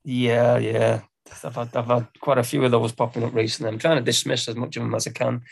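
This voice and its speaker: Gravelly English singer on a podcast. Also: male voice, medium pitch, little pitch movement, a little fast. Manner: hesitant, lots of ums, laughs at himself. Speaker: singer-songwriter guest. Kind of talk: casual podcast interview.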